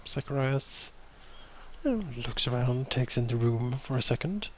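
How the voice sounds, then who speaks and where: A man playing a tabletop game, calmly describing his character's actions. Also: mid-range voice, moderate pace, slight background noise. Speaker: player. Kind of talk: casual tabletop play.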